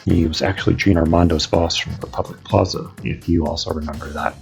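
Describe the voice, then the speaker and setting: An actor playing a calm male guide character who explains things in a brisk, matter-of-fact way. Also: deep voice, gravelly, faint music behind.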